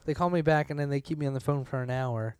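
A man's voice: mid-range voice, fast, a little mellow, clear, resonant tone, no echo. A young man telling a ranting story in casual chat, exasperated and swearing, acting out what others said. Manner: exasperated, swearing, acts out quotes.

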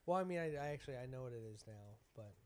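A man's voice: medium pitch, expressive, rapid-fire, a crowd in the background. A man from the United States, a comedian, in casual joking chat with loose, profane talk.

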